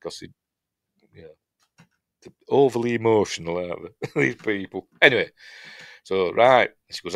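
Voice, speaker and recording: A man's voice: fairly low pitch, normal speed, creaky, long pauses, fairly bright tone, no echo. Rambling Yorkshire man reviewing an old film. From Yorkshire, England. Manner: rambling, chatty, dry humour, acts out lines in silly voices. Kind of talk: casual film breakdown narration.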